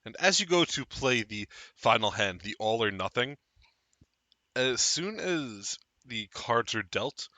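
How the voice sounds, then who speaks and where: A man's voice: mid-range voice, expressive, slow pace, pushed and bright, no echo. A man narrating a tabletop game as game master, describing scenes vividly.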